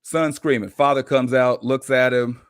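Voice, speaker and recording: A man on a podcast as a guest coach, telling a story in an animated, informal way. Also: mid-range voice, normal speed, clean tone, no echo, clean studio sound. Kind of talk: casual storytelling.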